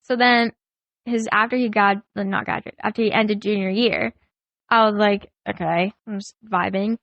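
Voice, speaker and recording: A young woman guesting on a family podcast, telling stories in an animated way and saying "like" a lot. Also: medium pitch, moderate pace, vocal fry, dry recording, lo-fi sound. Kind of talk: casual family chat.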